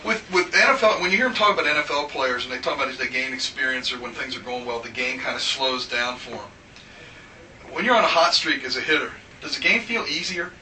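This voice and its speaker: A man interviewing a ballplayer, asking casual questions in a halting way and restarting his sentences. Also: mid-range voice, pushed and bright, echoey room, far from the mic, slight background noise, rough recording.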